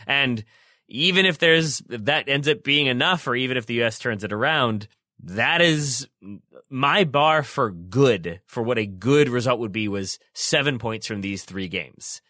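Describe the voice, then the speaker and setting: A man's voice: mid-range voice, expressive, unhurried, bright, forceful tone, no room sound, studio quality. A man co-hosting a podcast, talking through soccer tactics at length in long, run-on stretches full of restarts. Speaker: podcast co-host. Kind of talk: casual soccer analysis chat.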